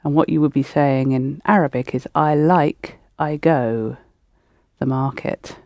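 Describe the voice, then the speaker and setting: A woman's voice: low voice, steady tone, measured pace, darkish tone, no room sound, dull audio. A woman teaching a spoken language course, explaining pronunciation step by step and prompting learners to repeat. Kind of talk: patient spoken-method language lesson.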